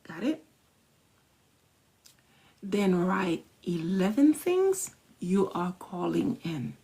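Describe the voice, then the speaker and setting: A woman wellness coach leading a manifestation exercise, soft and measured, repeating each phrase and stressing key words. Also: on the low side, sing-song, husky. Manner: soft and measured, dipping into whispers. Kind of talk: guided manifestation instruction.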